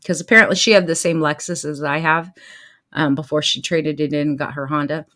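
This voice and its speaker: Animated middle-aged woman telling stories. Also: brisk. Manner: animated, laughs often, swings pitch to act out what people said. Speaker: life coach and show host. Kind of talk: casual storytelling to viewers.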